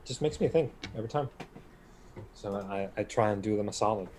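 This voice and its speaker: A man playing a tabletop role-playing game, talking in hesitant, halting restarts. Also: lowish voice, a little mellow, slight background noise. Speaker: player. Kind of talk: in-character tabletop play.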